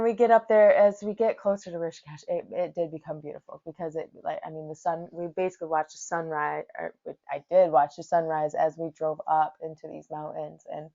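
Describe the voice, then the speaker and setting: A woman's voice: low-pitched, vocal fry. Chatty storytelling woman, lo-fi sound. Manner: animated, chatty, frequent "like" and laughter. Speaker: podcast host, yoga teacher. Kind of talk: casual storytelling.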